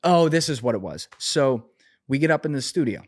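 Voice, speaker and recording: A man in his twenties, a podcast guest, telling a story in a casual, animated way, full of swearing and fillers. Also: medium pitch, a little fast, dry recording, studio quality. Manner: animated, profane, filler-heavy.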